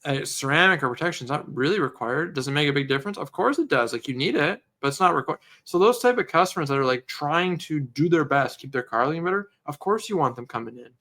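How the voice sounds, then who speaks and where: A man's voice: a little high, fast talker, hardly any pauses. A man co-hosting a podcast, chatting casually and telling stories that act out conversations with customers. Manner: animated storyteller, acts out customer dialogue. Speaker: podcast co-host. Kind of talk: casual chat.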